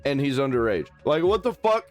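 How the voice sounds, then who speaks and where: A man's voice: medium pitch, sing-song, a little fast, faint music behind. A man reacting to clips in blunt, profane, exasperated commentary.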